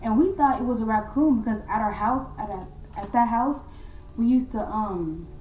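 A young woman casually telling a true ghost story to her viewers, slangy and animated, calling them y'all and acting out her own scared voice. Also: a little high, normal speed, far from the mic, phone-quality sound, a little hiss or hum. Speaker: vlogger. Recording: echoey room from off-mic.

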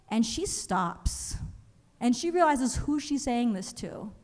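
A young woman doing a stand-up comedy set, telling animated stories and acting out other people's voices. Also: extremely high pitch, unhurried. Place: comedy stage in a museum venue. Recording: live show in a reverberant hall.

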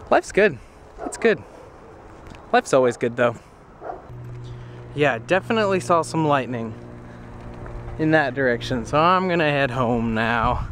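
A young man rambles casually to his camera outdoors, laughing between thoughts. His voice sits a bit high, over faint traffic and outdoor hiss. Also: a bit bright. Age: young adult. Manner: chatty, laughs between remarks. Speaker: vlogger, college student. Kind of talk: casual vlog.

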